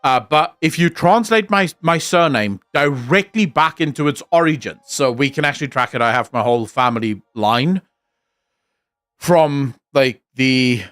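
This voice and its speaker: A man's voice: mid-range voice, expressive, a little slow, fairly bright tone, no room sound, clean studio sound. A young man chatting casually on his stream, rambling and swearing freely. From South Africa. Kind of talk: casual chat reacting on stream.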